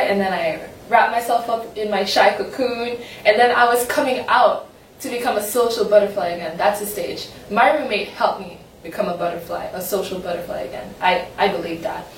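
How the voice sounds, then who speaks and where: A woman's voice: medium pitch, distant mic, a little hiss or hum. Young woman vlogging in a roomy space. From Saint-Martin. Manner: candid, rambling, self-conscious. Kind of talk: personal vlog chat. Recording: roomy echo, voice from the mic, faint ambience.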